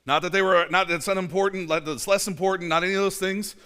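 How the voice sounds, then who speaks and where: A man's voice: high-pitched, fairly even intonation, quick pace, pushed and bright, clean tone. A man in his forties, a pastor preaching a casual sermon in a church, chatty, with many fillers and restarts and dry self-mocking asides. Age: 40s. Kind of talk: conversational sermon.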